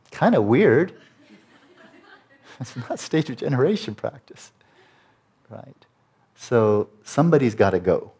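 A man's voice: mid-range voice, darkish tone, slightly rough. A man giving a Buddhist teaching talk as a meditation teacher, blunt and joking, often mimicking the inner voices of his students.

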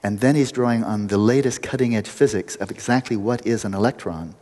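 Male meditation teacher, low and breathy-husky, storytelling, teases his students. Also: fairly quick, mellow, in a large hall. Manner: playful, teasing, laughs often. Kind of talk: retreat lecture with storytelling.

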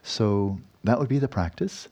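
A man giving a Buddhist dharma talk and guiding a meditation. He talks in an unhurried, rambling way, often adding tag questions and soft laughs. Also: on the low side, animated. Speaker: meditation teacher.

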